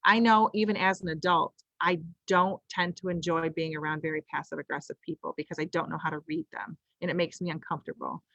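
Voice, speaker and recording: A woman's voice: fairly low pitch, steady tone, fast talker, vocal fry, hardly any pauses, a bit bright, no room sound, highs cut off. A woman presenting a conversational training webinar, explaining step by step, often restarting her phrases with ums. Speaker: webinar presenter on child discipline.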